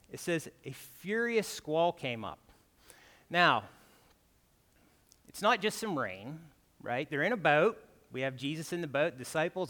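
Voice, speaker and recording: A man with an American accent preaches in a casual, conversational way, often tossing in "right?" to the congregation. His voice sits a little high for a man. The sound carries a long hall reverb from the church sanctuary. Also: fairly bright tone. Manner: conversational, keeps asking "right?". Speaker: guest preacher. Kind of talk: sermon.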